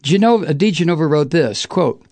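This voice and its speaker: A man's voice: fairly high pitch, lively intonation, fairly quick, darkish tone, no echo. A man hosting a profane political monologue, reading news aloud and mocking it sarcastically with sudden jeering outbursts. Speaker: political commentary host.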